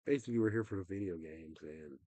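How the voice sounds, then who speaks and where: Husky, frustrated man rambling on stream. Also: sits low, fast talker, warm tone, no echo. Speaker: livestreamer. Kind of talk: casual livestream rant.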